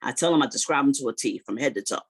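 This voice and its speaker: A man retelling a personal story in casual talk, animated and full of "you know" and "like". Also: mid-range voice, very fast.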